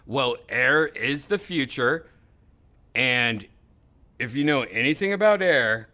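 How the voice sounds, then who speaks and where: A man's voice: medium pitch, expressive, slow, sharp tone. A man hosting a podcast, in loose casual chat with rambling, laughing riffs. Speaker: podcast host.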